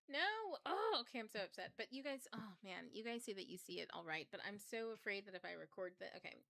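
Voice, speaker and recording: Woman, livestream host, gravelly craggly voice, lively swooping pitch, flustered and chatty. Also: normal speed, dry recording. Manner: flustered, chatty, swears, laughs often. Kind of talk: casual livestream chat.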